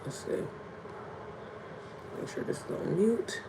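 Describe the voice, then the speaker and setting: Hoarse, chatty woman livestreaming. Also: takes it slowly, background noise. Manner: chatty, addresses viewers as y'all and baby. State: hoarse from screaming. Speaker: livestream host. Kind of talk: casual livestream chat.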